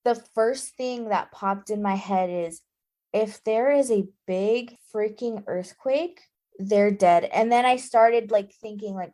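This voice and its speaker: A woman co-hosting a relaxed book-club chat. She talks emphatically and punches her reactions with exclamations. Her pitch sits in an ordinary middle range. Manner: emphatic and exclamatory, quick to get indignant. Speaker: podcast co-host.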